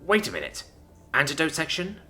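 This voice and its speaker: A man's voice: a little high, wildly swooping pitch, a little fast, bright, forceful tone, faint music behind, full character voice. A man voicing a nervous but determined young man in a storybook reading. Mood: earnest. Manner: nervous, earnest. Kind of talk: storybook narration.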